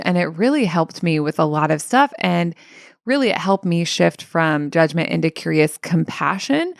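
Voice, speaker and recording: A woman in her thirties hosts her coaching podcast in a loose, conversational monologue, peppering her talk with "like." Her voice sits fairly low with a gravelly fry running through it, recorded dry and close with no room around it. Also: no echo. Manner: chatty and relaxed, with many "like"s. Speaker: career coach and podcast host.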